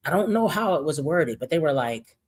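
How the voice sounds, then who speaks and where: A man's voice: fairly high pitch, sing-song, a little fast, husky, dry recording. A man reacting to a vlog with blunt, scathing commentary. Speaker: commentary youtuber.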